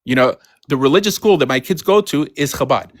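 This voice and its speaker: A man's voice: mid-range voice, lively intonation, brisk. A man on a casual live stream explaining his views earnestly, often adding "you know" and "right". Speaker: guest.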